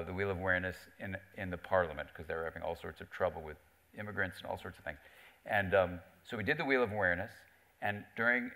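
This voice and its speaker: Low-voiced guy telling a story on stage, lively, does the voices of the people in it. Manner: animated storyteller, acts out quoted voices. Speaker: author and psychiatrist guest. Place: theater stage before an audience.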